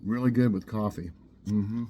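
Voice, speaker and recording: A man's voice: fairly low pitch, moderate pace, a little hiss or hum. A man hosting a casual snack review show, chatting easily and eating as he talks. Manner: relaxed, chatty, eats while talking.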